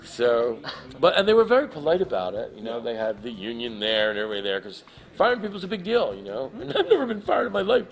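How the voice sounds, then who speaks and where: A man telling an animated, emotional anecdote as a guest in a live interview, acting out the people in his story. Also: mid-range voice, fast talker. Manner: emotional, laughs while telling. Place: live event in front of an audience.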